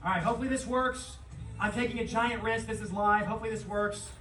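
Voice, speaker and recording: A conference presenter giving an energetic live seminar talk to an audience, quick to call on the crowd. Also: medium pitch, soft background music. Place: large conference room, on stage. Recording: echoey hall, voice from far off, faint ambience.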